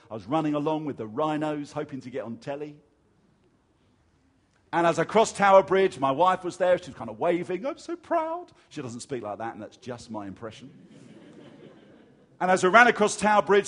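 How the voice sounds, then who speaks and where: High-voiced animated English preacher. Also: male voice. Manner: animated storyteller, acts out crowd voices. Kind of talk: sermon with personal storytelling.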